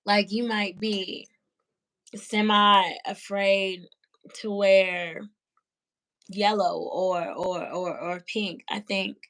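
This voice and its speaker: A woman hosting a casual interview about fashion, speaking in a thoughtful, encouraging way. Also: mid-range voice. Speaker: interviewer, show host.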